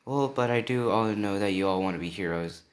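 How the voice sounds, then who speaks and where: A man playing a brisk lecturing schoolteacher woman. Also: fairly low pitch, close to an everyday voice.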